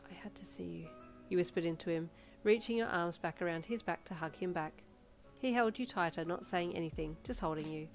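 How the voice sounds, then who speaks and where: A woman reading her fanfiction aloud as a steady storybook narration. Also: lowish voice, fairly quick. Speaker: fanfiction reader. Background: background music.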